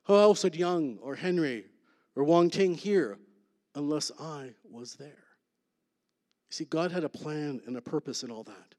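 A guest speaker shares his story like a church testimony, using earnest, measured phrases and dramatic pauses, often sinking to a soft, intense hush to drive a point home. His voice is fairly high, and he's in a large hall.

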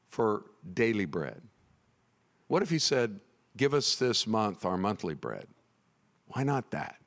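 Animated male preacher with a lively voice. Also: fairly low pitch, in a large hall. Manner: animated preaching, rises to near shouting. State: tired. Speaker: pastor. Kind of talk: sermon. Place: church.

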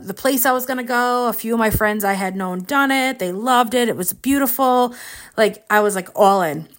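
A woman hosting a solo podcast, telling a personal story in a chatty, animated way full of fillers. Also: fairly high pitch. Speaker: podcast host.

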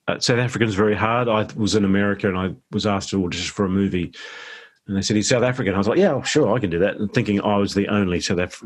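Middle-aged New Zealand man, low and deep, relaxed rambling interview guest. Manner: easygoing, rambling anecdotes. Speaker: actor guest.

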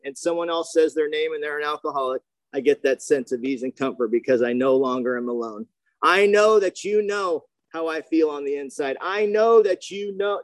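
A man telling his personal recovery story at a meeting, slangy and animated, acting out the voices of the people he quotes. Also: a little high, no room sound. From grew up near the ocean.

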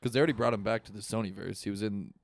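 Young man, co-host energy, loose profane banter, slightly low voice, dry close sound. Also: fairly even intonation, very fast, gravelly, no echo. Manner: loose, profane, full of fillers. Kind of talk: casual chat.

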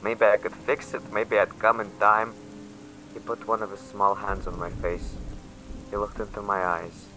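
A man narrating in the first person as a frightened young survivor, quiet and tense. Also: fairly low pitch, flat delivery, normal speed, poor audio. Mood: shaken. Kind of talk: audio drama narration.

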